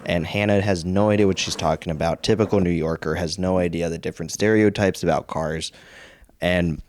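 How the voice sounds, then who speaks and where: A man co-hosting a podcast in casual chat, measured and hedging as he talks things through. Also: sits low, fairly even intonation, a little mellow. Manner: measured, hedging with "I mean" and "I think". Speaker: podcast co-host.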